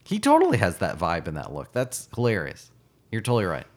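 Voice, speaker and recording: A man's voice: deep voice, huge pitch swings, a little fast. A man co-hosting a podcast, chatting casually with dry, wry humor. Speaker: podcast co-host. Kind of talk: casual chat.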